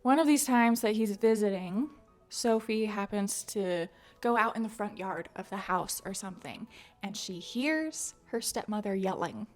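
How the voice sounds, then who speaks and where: A woman's voice: mid-range voice, lively intonation, a little slow. Chatty woman recapping a book. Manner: chatty, many "like" fillers, laughs often. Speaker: book channel host. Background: faint music.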